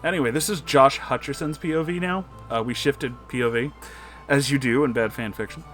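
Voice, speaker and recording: A man's voice: medium pitch, brisk, a bit bright, soft background music. A young man reading fan fiction aloud with sarcastic, mumbled asides and casual swearing. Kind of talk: comedic dramatic reading with commentary.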